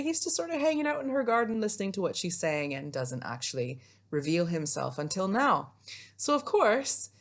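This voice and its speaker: A woman teaching a remote English lesson alone, chatty and self-mocking as she explains step by step. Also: mid-range voice. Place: alone, recording for students at home.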